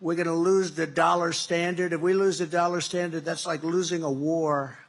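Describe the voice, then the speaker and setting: A man's voice: on the high side, level tone, moderate pace. A man in his seventies giving a campaign rally speech at a factory, repetitive and boastful, retelling conversations in a conversational way. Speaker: political candidate.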